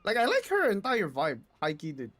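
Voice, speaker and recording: A streamer reacting loosely and excitably during a live card game stream, swearing freely. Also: medium pitch, brisk, over music. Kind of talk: casual live-stream commentary.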